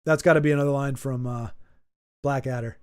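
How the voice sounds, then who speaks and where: A man's voice: mid-range voice, steady tone, a little fast, a little mellow, clear, resonant tone. A man hosting a casual livestream, chatting to his viewers in a rambling, self-deprecating way with frequent stumbles and restarts. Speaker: livestream host.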